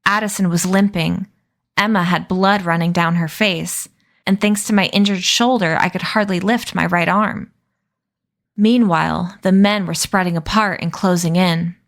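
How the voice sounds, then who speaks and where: A woman's voice: on the low side, steady tone, normal speed. Woman narrating a novel aloud. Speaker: streamer reading a novel aloud. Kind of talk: expressive read-aloud narration.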